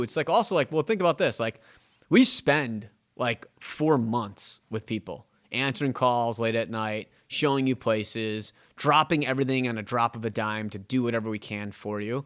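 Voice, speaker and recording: A man's voice: medium pitch, normal speed. Rambling, self-mocking man. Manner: rambling, animated, self-mocking, acts out client dialogue. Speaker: real estate agent and podcast host. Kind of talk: casual podcast monologue.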